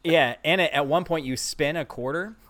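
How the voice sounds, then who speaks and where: A young man co-hosting a casual podcast, telling a story with many fillers and pauses. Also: a little high, fairly bright tone. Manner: hesitant, filler-heavy storytelling. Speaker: podcast co-host.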